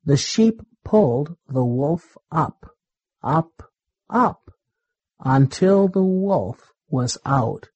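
A man reading a children's story aloud in a deliberate, simple way. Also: on the high side, mellow, breathy edge, dry recording, rough recording. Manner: slow, deliberate, repetitive phrasing.

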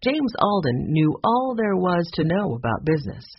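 A narrator reading a children's story aloud in an expressive, animated way, in a dull lo-fi recording. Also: medium pitch, normal speed, a little hiss or hum. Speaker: audiobook narrator.

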